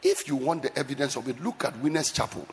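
A man preaching a sermon as pastor, swelling into shouts and sing-song cadences. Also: mid-range voice, lively intonation, quick pace, slight background noise. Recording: reverberant church hall with faint music.

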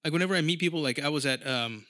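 A man's voice: on the high side, rapid-fire, pushed and bright, no echo, clean studio sound. A man in his thirties hosting a casual podcast monologue, rambling and swearing freely as he tells stories. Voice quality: profane, rambling storyteller. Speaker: podcast host.

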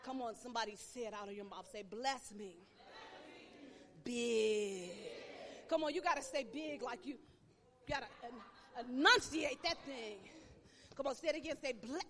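High, bright-voiced woman preaching. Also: a little fast, in a large hall. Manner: impassioned preaching with call-and-response. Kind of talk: sermon.

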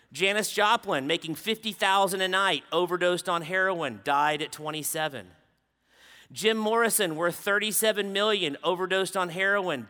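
A man preaching a sermon as a story, swinging from loud exclaiming to hushed, quiet narration. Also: sits high.

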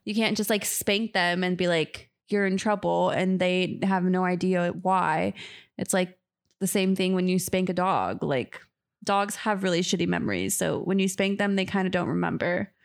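A woman's voice: lowish voice, fairly even intonation, moderate pace, creaky. A woman co-hosting a podcast, talking in a laid-back way, with casual swearing and lots of "like". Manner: laid-back, profane, filler-heavy talk. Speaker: podcast co-host. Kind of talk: casual chat.

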